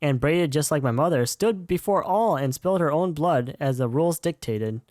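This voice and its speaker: Man reading a young male martial arts disciple in a game story, formal old-fashioned phrasing, slightly high voice. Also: animated, moderate pace, darkish tone, no echo, studio quality, lightly acted. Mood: grave.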